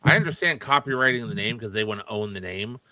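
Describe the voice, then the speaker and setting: A man's voice: fairly low pitch, lively intonation, quick pace, crowd noise. A man co-hosting a wrestling podcast, giving plain-spoken, opinionated takes in casual chat. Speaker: podcast co-host.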